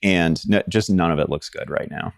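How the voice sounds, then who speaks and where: A man with a low, deep voice breaks down fantasy football news in casual chat. He circles back on his words, restarts sentences often, and laughs easily. The recording is dry and close. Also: moderate pace, vocal fry, no echo. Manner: rambling with frequent restarts and laughs. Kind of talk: casual sports analysis chat.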